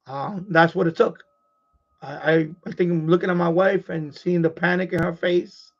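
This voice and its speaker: A man with a high voice hosts a live stream and tells a personal story casually and with energy, swearing freely. His words come fast in bursts and then slow down, and the talk stays plain and unscripted. The audio is somewhat dull and lo-fi, as from a home stream. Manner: animated and profane, retelling a scary event.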